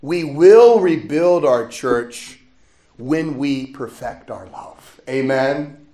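A man from the States, preaching a sermon in a lively call-and-response manner and chuckling often. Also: mid-range voice, takes it slowly. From Southern United States.

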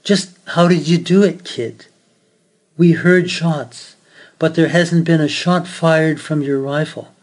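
A man voicing a kindly middle-aged male Marine sergeant who speaks gently and slowly. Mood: gentle, puzzled. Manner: gentle, low and measured.

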